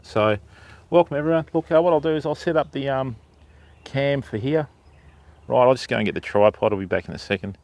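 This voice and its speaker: A man's voice: medium pitch, a little fast, darkish tone, a little hiss or hum. A middle-aged Australian man hosting an outdoor fishing livestream, casually greeting viewers by name as he talks. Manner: greets viewers by name, laid-back and chatty. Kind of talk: casual live-stream chat. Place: outdoors by a river on private property.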